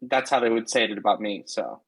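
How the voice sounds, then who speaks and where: A man's voice: fairly low pitch, a little fast, breathy edge, low-quality recording. A man co-hosting a podcast with a throat tickle and a slightly nasal sound, defensive and lecturing in a casual argument. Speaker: podcast co-host. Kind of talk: casual bickering chat. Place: remote call, own room.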